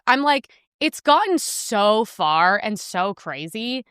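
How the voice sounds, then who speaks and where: A woman hosting a podcast, ranting in heated, fast commentary and clipping her swear words short, with a sore throat. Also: fairly high pitch, lively intonation, a bit bright, smooth, dry recording, clean studio sound. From United States. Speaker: podcast host.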